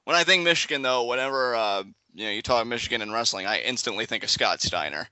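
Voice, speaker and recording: A young man chatting excitedly as a guest in a live reaction video, laughing often and rambling through restarts. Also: medium pitch, quick pace, smooth, no echo, muffled recording. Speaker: guest co-commentator. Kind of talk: casual live reaction chat.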